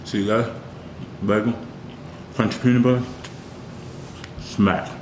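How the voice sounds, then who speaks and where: A man's voice: lowish voice, steady tone, takes it slowly. A young college man, chatting casually and slangily through his day on a phone vlog. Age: young adult. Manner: laid-back, slangy, rambling. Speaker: college student vlogger. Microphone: handheld phone. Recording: echoey phone audio with loud background noise.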